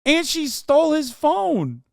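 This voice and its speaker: A man's voice: very high voice, wildly swooping pitch, takes it slowly, gravelly, no room sound, studio quality. A man streaming live, reacting to a clip in casual, blunt commentary full of swearing and disbelief. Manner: blunt, heavy swearing, incredulous.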